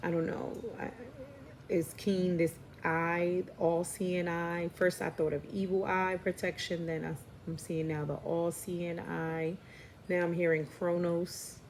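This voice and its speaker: Unhurried and lowish, with vocal fry, a darkish tone, and little pitch variation, a woman lays out tarot cards in a relaxed spiritual manner. She muses aloud, leaning on fillers and often asking "right?" A faint hiss or hum runs underneath. She is a Puerto Rican Spanish heritage speaker from the New York and Philadelphia area.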